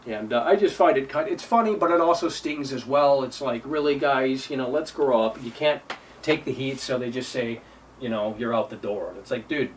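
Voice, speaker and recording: A man hosting a live stream, ranting combatively about a game and mocking his critics in a whiny put-on voice. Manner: sarcastic, mocking imitations in a high whiny voice; repetitive, combative. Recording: distant mic with faint noise.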